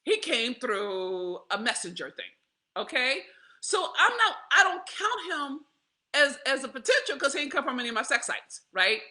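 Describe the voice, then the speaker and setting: Black woman vlogging, high bright voice, jumps all over the place, cusses and laughs a lot. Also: normal speed. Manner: animated, profane, laughs often, addresses listeners as y'all. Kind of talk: candid personal storytelling to camera.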